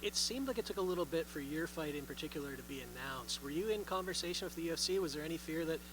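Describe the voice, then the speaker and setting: A male reporter with a fairly high voice fires off direct questions at a rapid clip. An audible hum sits beneath his voice. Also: expressive. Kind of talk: interview questions.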